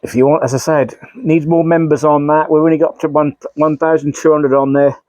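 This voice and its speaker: A man's voice: on the high side, flat delivery, brisk, darkish tone, no echo. A man, a model railway YouTuber, chatting casually in a rambling, self-mocking way with frequent sighs. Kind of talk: casual vlog chat.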